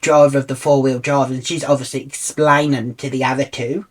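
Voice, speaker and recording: A woman's voice: rumbling low, fairly quick. Blunt woman telling a story. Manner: blunt, swears freely, animated retelling. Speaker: vlogger. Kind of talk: casual storytelling.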